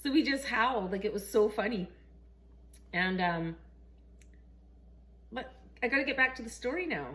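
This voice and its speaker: A middle-aged Canadian woman telling a story casually in a vlog, chatty and animated, laughing often and acting out the quotes. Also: fairly high pitch, normal speed, long pauses. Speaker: vlogger.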